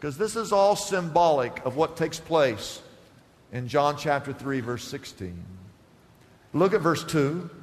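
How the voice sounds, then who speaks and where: High-voiced animated preacher in a reverberant hall. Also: male voice, measured pace. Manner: animated, acts out scripture scenes. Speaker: pastor. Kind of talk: sermon.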